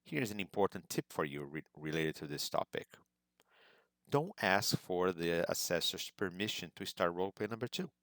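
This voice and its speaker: A man giving an instructional presentation as an English exam prep teacher, measured and explanatory, stressing key words. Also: low-pitched, expressive, fairly bright tone, no echo.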